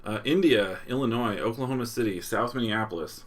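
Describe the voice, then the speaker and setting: Male live stream host, relaxed and chatty, reads viewer shout-outs, mid-pitched. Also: a little fast. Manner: casual, reading viewer locations aloud; chuckles often, loose restarts. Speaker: livestream host.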